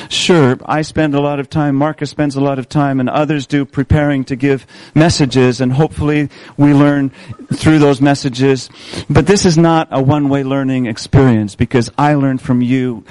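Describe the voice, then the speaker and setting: A man preaching a sermon as pastor of his congregation, speaking in a measured way and repeating key phrases for emphasis. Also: a little high, darkish tone, no room sound, low-quality recording. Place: church service.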